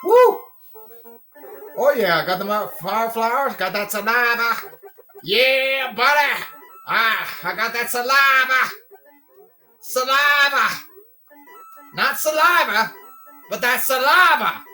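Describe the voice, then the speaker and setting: A man from the US giving casual, excitable gameplay commentary, whooping and breaking into rhymed boasts. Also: extremely high pitch, slow, soft background music, poor audio. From United States. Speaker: gamer.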